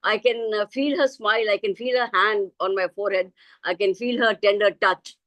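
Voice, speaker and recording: A woman's voice: mid-range voice, normal speed, no room sound, rough recording. Woman reciting poetry, dry close sound. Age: middle-aged. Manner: expressive, shifts into a child's voice for quoted lines. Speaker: poet.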